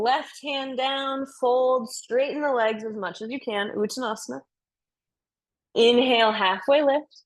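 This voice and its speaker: A young woman leading a yoga class, calling out breaths and poses in an upbeat, playful way, slightly out of breath. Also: a little high. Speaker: yoga instructor. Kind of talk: guided yoga class instruction.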